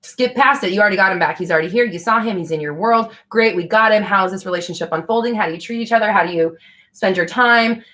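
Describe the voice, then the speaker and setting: A woman's voice: medium pitch, fast, pushed and bright. A young woman hosting a casual live stream, answering viewer questions in a chatty, frank way with casual swearing.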